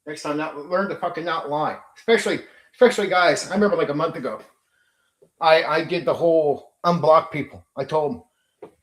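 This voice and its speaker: A man's voice: a little high, a little fast. A man with a somewhat raised voice rants on his livestream, blunt and full of swearing. He sounds confrontational and talks straight at his chat. The room around him is echoey. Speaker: streamer hosting a tabletop RPG channel. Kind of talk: livestream rant.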